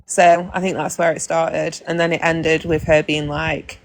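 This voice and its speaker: A woman's voice: sits low, little pitch movement, moderate pace, hardly any pauses. A young British woman chatting casually on a live stream, blunt and candid, swearing freely. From Britain. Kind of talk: casual chat.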